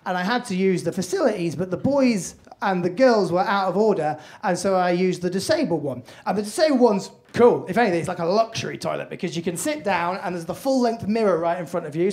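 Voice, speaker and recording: A young man performing a stand-up comedy set on a club stage, telling a story with lively acted-out voices. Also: high voice, quick pace, hardly any pauses.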